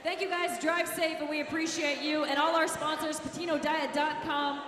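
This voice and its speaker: A woman ring announcer calling out the champion with loud, drawn-out, hyped announcements and interviewing him. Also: high voice, fairly even intonation. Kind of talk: arena announcing. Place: arena. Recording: echoey arena with crowd noise.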